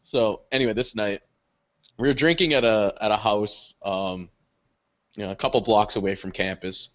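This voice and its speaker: A young man co-hosting a podcast, telling stories in casual chat. He swears often, laughs through his stories and jumps high when he quotes other people. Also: normal speed, fairly bright tone. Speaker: podcast co-host. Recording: dull lo-fi podcast audio.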